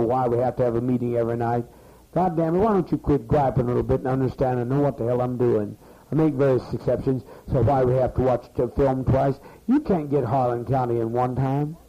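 Here the community meeting leader has a medium-pitched, warm voice with vocal fry. Captured on muffled archival tape, his speech to those assembled is rambling, profane and scolding.

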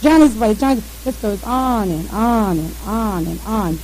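A woman's voice: mid-range voice, measured pace, darkish tone, rough recording. A woman telling a rambling, profane story in casual conversation, mimicking radio chatter and noises along the way.

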